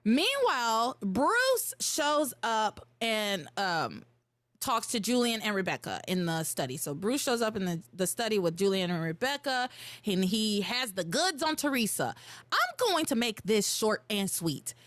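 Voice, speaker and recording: A woman's voice: medium pitch, sing-song, unhurried, fairly bright tone, no echo. A woman co-hosting a casual podcast, recapping a soap opera plot with frequent laughter and the odd swear word. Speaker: podcast co-host. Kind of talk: casual chat.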